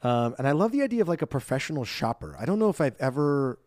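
A man's voice: mid-range voice, sing-song, quick pace, darkish tone, no echo, studio quality. A man co-hosting a podcast in casual chat, upbeat and chatty with lots of fillers. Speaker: podcast co-host.

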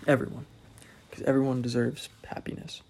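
A young man talks through a loose solo podcast, wandering from thought to thought and poking fun at himself with a dry, wry edge. His mid-pitched voice carries a gravelly fry. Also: steady tone, moderate pace, a little hiss or hum. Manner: rambling, self-deprecating, wry. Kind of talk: casual solo podcast monologue.

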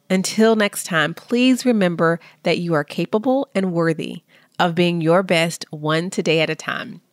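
A woman hosting a podcast, speaking slow, earnest affirmations. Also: lowish voice, dry recording, studio quality. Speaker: podcast host. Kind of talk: slow motivational podcast talk.

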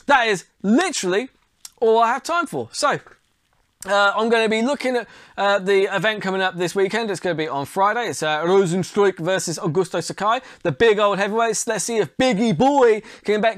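Man, podcast host, casual chat, swearing, rambling, high smooth voice. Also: fairly bright tone, dry recording, studio quality. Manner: loose, swearing, laughing often, rambling.

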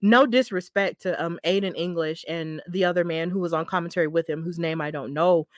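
A woman hosting a podcast, casually recapping a wrestling match in a chatty, excitable way and laughing often. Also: lowish voice, fairly quick, no room sound, studio quality. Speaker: podcast host.

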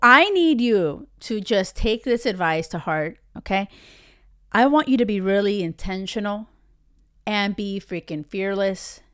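A woman's voice: mid-range voice, expressive, unhurried, fairly bright tone, clean tone. A woman hosting a podcast who gives dating advice in a blunt, emphatic way, swearing freely and talking straight to her listeners. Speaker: podcast host.

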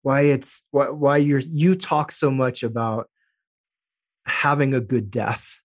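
Male host with an ordinary mid-pitched voice and a relaxed, conversational manner. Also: takes it slowly. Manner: casual and friendly, speaks straight to listeners. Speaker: podcast host. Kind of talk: casual interview chat.

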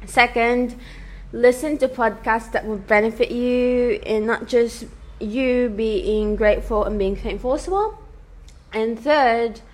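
A woman's voice: a little high, slow pace. A young woman hosting her own podcast, chatting in an earnest, rambling way with many fillers and restarts, her British accent put on over an American-style base. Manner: earnest, soft-spoken, with frequent light laughs. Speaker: podcast host. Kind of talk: casual solo podcast talk.

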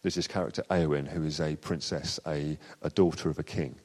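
A man's voice: very deep voice, steady tone, fairly quick, slightly rough. A man preaching a sermon in a conversational, loosely improvised way. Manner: conversational, with frequent fillers and restarts. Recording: long church hall reverb.

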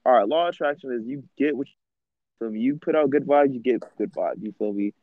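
A man's voice: medium pitch, fairly quick, no room sound, narrow, tinny audio. A man co-hosting a podcast, telling a story in casual slang and laughing as he goes. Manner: slangy, laughs through his stories. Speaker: podcast co-host.

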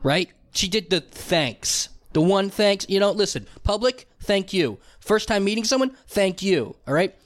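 A man's voice: high voice, lively intonation, normal speed, hardly any pauses. A young man hosting his own show alone, ranting in a rambling, profane way and mimicking people with a raised voice. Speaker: podcast host. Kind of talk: solo comedic rant.

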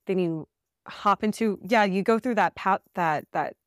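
A woman guest on a podcast, telling a trip story in a casual, animated way with fillers and bursts of laughter. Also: mid-range voice, moderate pace, dry recording, clean studio sound. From Southern California.

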